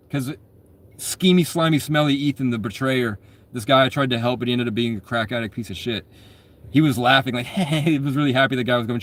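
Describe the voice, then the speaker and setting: A man's voice: medium pitch, fast. Man, twenties, casual storyteller; rambling, profane delivery, constant self-corrections. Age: 20s.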